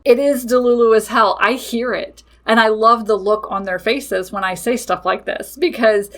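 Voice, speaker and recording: A woman's voice: a little high, steady tone, moderate pace, a bit bright. A woman hosting a podcast in a casual monologue, talking in a blunt, matter-of-fact way, laughing and swearing freely. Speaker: podcast host and witchcraft business owner.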